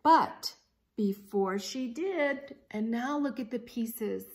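A woman reading a picture book aloud to a child, gentle and slow, stopping to explain. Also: a little high, animated. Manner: frequent fillers before reading. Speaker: story reader.

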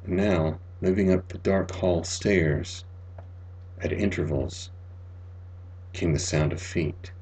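A man reading a spooky short story aloud, dramatic, dropping to near-whispers and rising to loud cries. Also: sits low, fairly even intonation, slow, pauses often, husky, rough recording. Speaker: audiobook reader.

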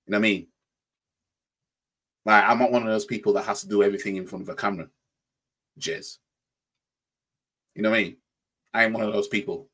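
A man's voice: fairly low pitch, fairly bright tone. A man with a Yorkshire accent, hosting a reaction channel, with casual commentary that often stammers and repeats "you know what I mean". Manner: mocking mimicry in quoted voices.

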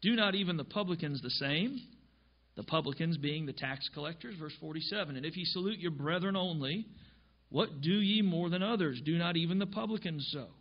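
A man's voice: a little high, a little fast. A man pastor preaching a sermon emphatically, reading scripture aloud and explaining it. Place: church. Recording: dull lo-fi church recording.

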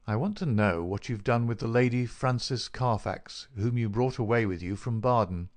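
A male reader giving voice to a calm, commanding detective in a plain mid-pitched voice. His lines come firm and clipped, cool under pressure, with the steady poise of a classic audiobook sleuth. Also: normal speed, dry recording, close to an everyday voice. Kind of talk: audiobook character reading.

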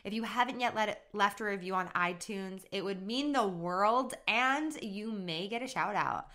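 A woman's voice: mid-range voice, moderate pace, bright, forceful tone. A woman hosting her own podcast as a mindset coach, talking casually in a bubbly, gushing, slangy way. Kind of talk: casual solo podcast talk.

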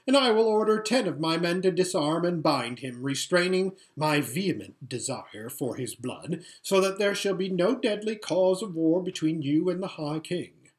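Brief: arrogant young prince, read by a male narrator, forceful, pushy and grandiose. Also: sits high, expressive, normal speed, few pauses, voice pushed up. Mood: eager.

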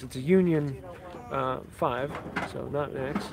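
A man's voice: on the high side, unhurried, creaky. A man hosting a casual walk-through of tables at an outdoor tool sale, naming tools and prices as he goes. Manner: casual, chatty, lists prices and tools as he walks. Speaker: woodworking channel host. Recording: crowd noise outdoors. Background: crowd chatter.

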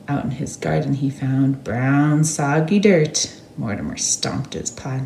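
A woman reading a picture book aloud to children at a church service, expressive and animated. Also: low-pitched, normal speed, roomy sound, a little hiss or hum. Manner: expressive, animated read-aloud with sound words.

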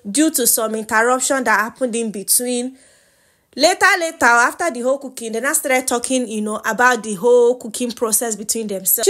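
A young Nigerian woman with a Nigerian accent, recapping reality show drama in a casual gossip vlog, animated and laughing with Pidgin asides. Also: a little high.

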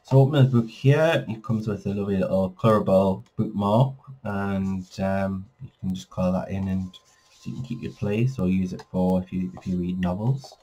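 Chatty man with a mellow low voice. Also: fairly even intonation, normal speed, slight background noise. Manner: chatty, with many fillers and self-corrections. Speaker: colouring book reviewer. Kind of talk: casual flip-through review.

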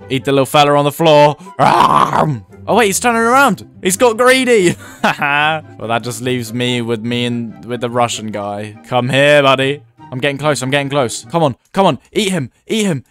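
A young man giving excited, reactive commentary over his own gameplay as a gaming YouTuber. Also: medium pitch, clear, resonant tone. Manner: excitable, yelps and laughs, quick reactions. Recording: faint background music.

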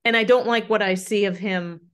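A woman's voice: mid-range voice, fairly even intonation, brisk, a bit bright, smooth. A woman guest, a grief counselor, earnestly recounting her experiences in a casual conversation. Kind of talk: casual chat.

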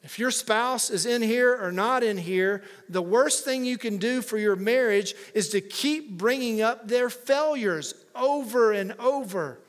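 A man's voice: very high voice, unhurried, hardly any pauses. A male pastor preaching a conversational sermon with humorous asides to his congregation. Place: church sanctuary.

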